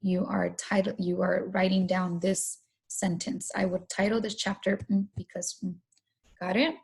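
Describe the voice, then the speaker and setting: A woman's voice: medium pitch, flat delivery, normal speed, creaky, a little mellow, breathy edge. A woman teacher running an online vocabulary lesson and read-aloud, repeating each word and asking students to say it along, restarting phrases and explaining in loose everyday words.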